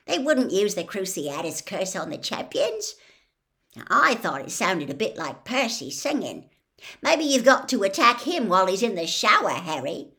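A mocking teenage boy joker, as a woman voices him in a storybook reading, teasing everyone around him. His lines rise and fall with lively energy. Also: mid-range voice, moderate pace.

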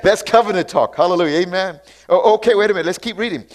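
A man preaching a sermon. He reads scripture aloud, comments on it, and mixes in call-outs and repeated hallelujahs, sometimes slowing down to stress words. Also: high-pitched. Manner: sudden stretches of slow, drawn-out emphasis. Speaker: pastor.

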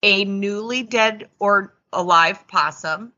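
A woman's voice: mid-range voice, slow, sharp tone, lo-fi sound. A woman co-hosting a podcast in a casual chat, musing playfully over odd what-ifs. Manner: musing, playful, full of hypotheticals. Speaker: podcast co-host.

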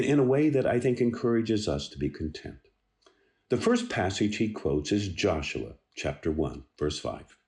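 Slow, deep-voiced man giving a devotional. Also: darkish tone. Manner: earnest, unhurried, repeats words as he starts phrases. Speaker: radio devotional speaker. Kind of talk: Bible devotional talk.

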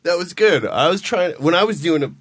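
A man's voice: a little high, expressive, brisk. A man hosting a casual chat, jokey and swearing a lot. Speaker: host.

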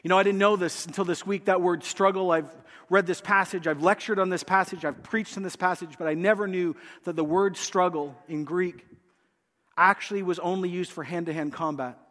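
High-voiced pastor preaching. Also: male voice, steady tone, brisk, fairly bright tone, big-room sound. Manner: earnest, direct, addresses the congregation. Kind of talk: sermon. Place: church sanctuary.

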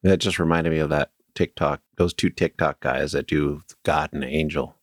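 Husky low-voiced man cracking jokes. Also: fairly even intonation, normal speed, no room sound, clean studio sound. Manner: wisecracking, teasing. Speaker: podcast co-host. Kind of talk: casual chat.

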